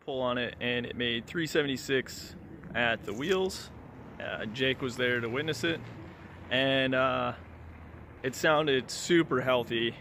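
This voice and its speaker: A young man hosting a casual car vlog, talking excitedly and swearing casually. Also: mid-range voice, slow pace, slight background noise. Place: outdoors at a garage and dyno shop.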